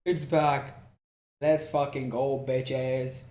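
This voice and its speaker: A young man hosts a live football watch-along. He talks loosely and often swears, reacting to the match as he answers his chat. His delivery is casual and easily excited. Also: fairly high pitch, moderate pace. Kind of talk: live-stream commentary and chat.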